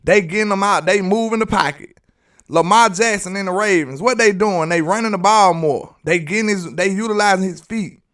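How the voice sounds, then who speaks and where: A sports channel host from Alabama, with a Southern US accent, argues emphatically on live commentary and keeps repeating his points. His voice is high, brisk and a bit bright, and he sits far from the mic.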